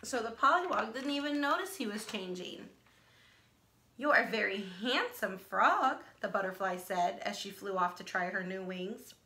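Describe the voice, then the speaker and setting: A woman teacher reading a children's picture book aloud, animated and asking her listeners questions. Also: medium pitch, normal speed, hardly any pauses. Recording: echoey room.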